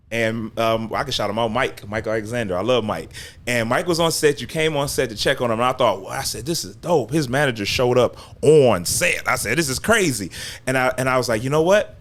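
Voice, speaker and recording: A man hosting a live-stream chat, telling a story with plenty of energy. He acts out each quoted line as he goes. His voice has a middling pitch and sits at an everyday level. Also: a bit bright. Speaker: host. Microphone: video call.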